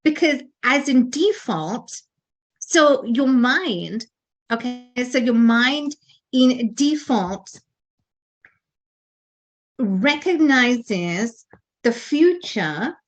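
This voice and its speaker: Earnest, fairly high-voiced woman host. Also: animated, very slow, pauses often. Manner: earnest, repetitive, with many restarts and fillers. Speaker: podcast co-host. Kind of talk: motivational talk.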